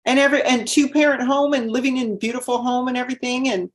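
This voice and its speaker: Supportive woman with a high voice. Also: steady tone, quick pace. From Canada. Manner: supportive, agreeing. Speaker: co-host. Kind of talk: casual religious discussion.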